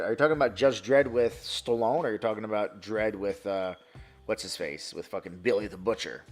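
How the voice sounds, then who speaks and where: A man in his thirties from New York, chatting casually on a live stream, answering chat in a profane, excitable, rambling way. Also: fairly low pitch.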